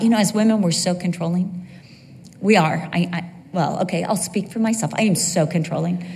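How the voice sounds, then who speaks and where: A middle-aged woman teaching a sermon with lively humor, tossing in quick asides and acting out little exchanges. Her voice sits in a mid range and rings with long reverb from a large church hall. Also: medium pitch, slight background noise. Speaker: women's Bible teacher. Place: church sanctuary.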